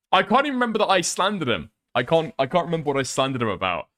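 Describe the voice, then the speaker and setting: A man's voice: a little high, wildly swooping pitch, fast, pushed and bright. A man chatting casually and rambling on a live stream, swearing often. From northern England.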